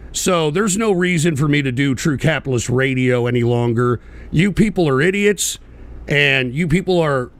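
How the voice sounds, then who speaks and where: A man's voice: fairly high pitch, a bit bright. Bitter, profane man ranting on a livestream. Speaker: host of an online political show. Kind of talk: livestream rant.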